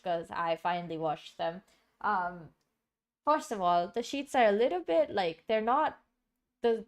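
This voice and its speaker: Streaming live from her home, a Singaporean woman chats in a relaxed, rambling way, full of fillers and restarts. Her voice is medium-pitched, clear and resonant.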